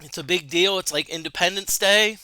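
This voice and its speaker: A man's voice: sits high, moderate pace, bright, forceful tone, no room sound. A man streaming a video game, chatting casually and reading its text aloud. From United States. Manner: talkative, restarts, reads game text aloud.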